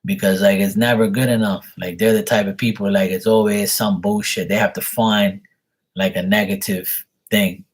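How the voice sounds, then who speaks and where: Husky, low-voiced man, casual and exasperated. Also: steady tone, moderate pace. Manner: exasperated, rambling, swears freely. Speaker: live tarot reader. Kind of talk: casual livestream chat.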